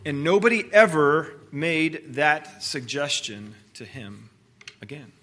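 A man giving an earnest, expressive storybook reading and adding his own commentary. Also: fairly high pitch, takes it slowly. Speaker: speaker reading from a book.

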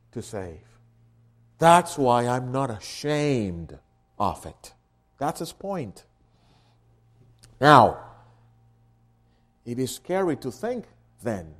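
A man preaching a sermon as pastor, explaining like a teacher and building to loud, emphatic stresses. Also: fairly high pitch.

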